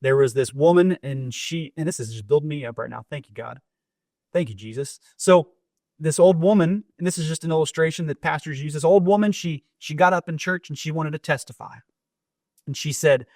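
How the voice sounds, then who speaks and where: A man's voice: fairly high pitch, expressive, normal speed, dry recording, clean studio sound. A man co-hosting a faith podcast and preaching in casual chat, rambling with many restarts.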